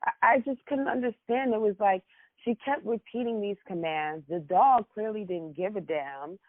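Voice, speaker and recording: Blunt animated man on a phone-like line. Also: high voice, moderate pace, no room sound. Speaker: panelist. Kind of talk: casual talk show chat.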